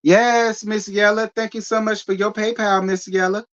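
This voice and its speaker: Livestream host, sassy casual chat, playful teasing, mid-pitched voice, slightly dull lo-fi audio. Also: level tone, normal speed. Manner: sassy, playful, thanks donors by name with kisses.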